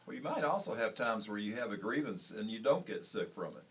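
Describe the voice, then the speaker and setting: A man's voice: fairly low pitch, very animated, brisk. A man adding brief supportive remarks to the conversation.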